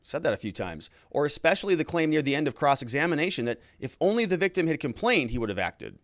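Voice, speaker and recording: A man breaking down a courtroom trial as a legal commentator, his pitch leaping up and down as he acts out the questioning. His voice sits a bit high for a man. The recording is close and dry, with no room sound. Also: fast talker, dry recording. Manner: animated, incredulous, acts out questions.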